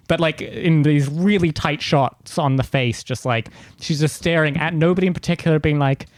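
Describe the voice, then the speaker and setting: A man's voice: a little high, fairly quick, few pauses, dry recording. A man chatting on a podcast in a sardonic, rambling way, swearing freely as he picks things apart. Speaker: podcast co-host. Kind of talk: casual podcast chat.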